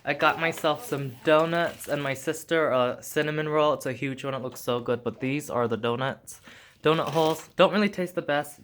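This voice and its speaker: A man's voice: on the high side, noisy background. A young man in casual vlog chat, upbeat and filling his talk with "like". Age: young adult. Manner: chatty, upbeat, many "like"s. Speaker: vlogger.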